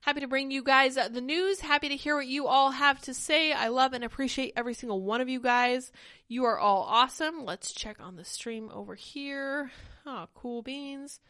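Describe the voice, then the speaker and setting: Young woman host, casual stream chat, slightly higher voice, a bit breathless, dry close sound. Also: normal speed, smooth, dry recording. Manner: chatty, animated, reads chat comments aloud. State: short of breath. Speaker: podcast host. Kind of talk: casual livestream commentary.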